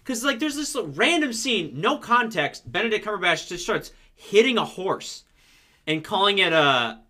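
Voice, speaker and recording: A young man co-hosting a casual podcast chat, animated and emphatic, with lots of "like". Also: high voice, moderate pace. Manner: animated, emphatic, heavy use of "like". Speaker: podcast co-host.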